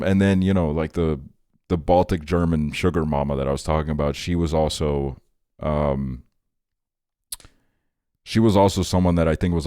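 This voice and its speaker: Super deep voice, chill twenty-something dude rambling to chat, dry close mic, kinda tired. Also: male voice, darkish tone, no echo. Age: 20s. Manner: rambling, laid-back, laughs often, talks to chat. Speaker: streamer. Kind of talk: casual late-night stream chat.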